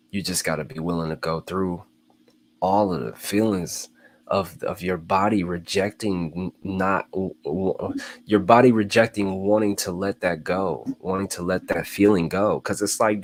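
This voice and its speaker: A man's voice: low voice, fairly even intonation, normal speed. A man hosting a motivational talk, speaking casually, repeating phrases for emphasis and calling his listeners y'all. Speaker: host.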